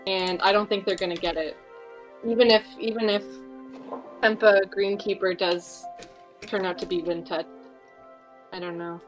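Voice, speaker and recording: A woman's voice: medium pitch, steady tone, normal speed, pauses often, soft background music, low-quality recording. A woman playing in a tabletop game, speaking earnestly and asking questions. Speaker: player. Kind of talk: casual chat at a tabletop game.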